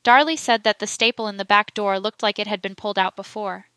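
A woman narrating an audiobook reading of a historical trial report, steady and even. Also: mid-range voice, a little fast, clear, resonant tone, dry recording.

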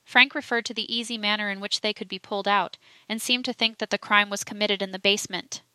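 Woman voicing an evasive male witness, terse, bright crisp voice. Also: mid-range voice, steady tone, fast talker, no room sound. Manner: short, guarded answers.

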